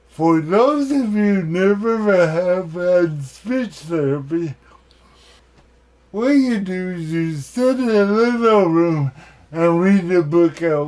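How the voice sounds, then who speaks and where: A man giving a keynote talk, telling personal stories in a deliberate way with self-deprecating humor. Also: high voice, darkish tone. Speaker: keynote speaker.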